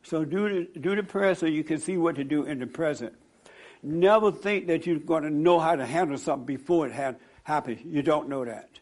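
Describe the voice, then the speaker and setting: A man preaching and counseling a congregation, telling stories in an animated way. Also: on the high side, brisk. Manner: animated, storytelling, laughing at own stories. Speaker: pastor. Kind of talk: sermon with audience counseling.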